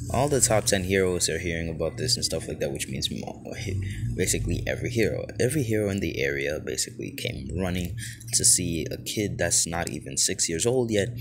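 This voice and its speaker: A man's voice: low-pitched, background noise. A man improvising a fan story, rambling with many filler words, recorded outdoors on a phone held close to his mouth.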